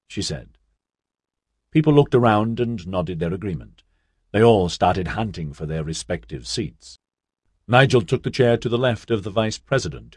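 A man narrating a novel in a measured, steady storytelling manner. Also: low-pitched, slightly rough, no room sound, clean studio sound. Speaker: audiobook narrator. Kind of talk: scripted narration.

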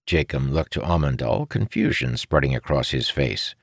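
Deep-voiced man narrating an audiobook. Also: moderate pace, gravelly, hardly any pauses, husky, no room sound, studio quality.

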